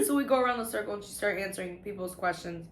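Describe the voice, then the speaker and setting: Speaking briskly at a medium pitch, a woman vlogger tells her personal testimony as candid, profane, confessional storytelling, often breaking off and starting her sentences again. It's recorded in an echoey room with a little background noise.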